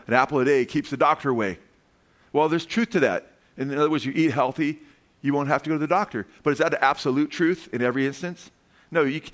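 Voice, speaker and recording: A male pastor preaching a sermon, telling stories with quick asides and chuckles. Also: mid-range voice, a bit bright.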